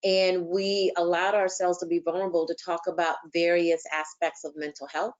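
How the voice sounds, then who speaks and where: A woman's voice: fairly low pitch, flat delivery, moderate pace. A woman panelist speaking earnestly and steadily in a webinar discussion over a video call. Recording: dull lo-fi call audio.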